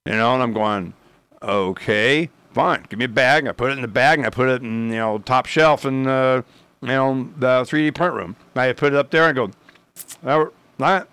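A man's voice: mid-range voice, fairly bright tone, clean tone, dry recording. A man rambling through a casual story, acting out both sides of the conversations in his own voice.

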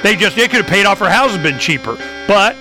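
A male podcast host chatting casually, animated and riffing with exclamations. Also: high-pitched, quick pace, music in the background. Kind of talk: casual chat.

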